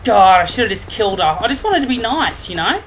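A woman doing let's play commentary, excitable and trash-talking the enemies she fights. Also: medium pitch, brisk, a little hiss or hum, poor audio. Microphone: headphones and desk mic. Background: game music.

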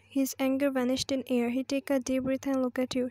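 High, even-voiced woman reading a story. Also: brisk, hardly any pauses, dry recording. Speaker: story reader. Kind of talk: reading a fan story aloud.

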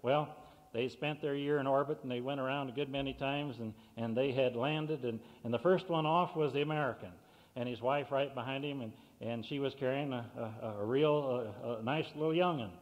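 A man at a public meeting introducing a speaker with a folksy joke, halting with many filler sounds. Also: mid-range voice. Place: meeting hall. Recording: lo-fi cassette with hall reverb.

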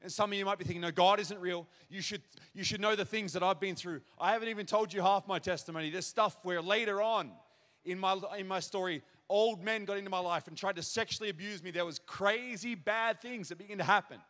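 A man's voice: high voice, a little fast. A man giving his testimony as a pastor, telling the story vividly to a church crowd. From Australia. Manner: storytelling, acts out shouted child's cries. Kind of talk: testimony sermon. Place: large church auditorium. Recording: long hall reverb.

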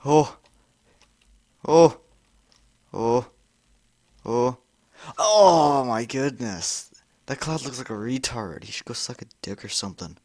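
A young man commenting on a frustrating video game he is playing, exasperated, swearing and yelling at it. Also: medium pitch, expressive, slow pace, pauses often, no room sound, studio quality. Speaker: gamer. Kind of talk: frustrated let's-play commentary.

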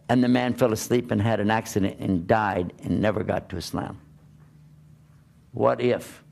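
Gravelly-voiced man preaching with animated questions. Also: on the low side, normal speed. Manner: animated, plays out quoted voices and asks rhetorical questions. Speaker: Islamic preacher. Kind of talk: religious talk to an audience.

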